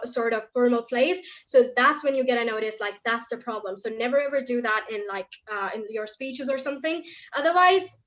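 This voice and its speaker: A woman's voice: a little high, a bit bright. A young woman from India answering questions candidly in an online session, her voice strained from long talking. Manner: candid, chatty, heavy use of fillers. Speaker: motivational speaker guest. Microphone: video call. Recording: slightly muffled video call audio.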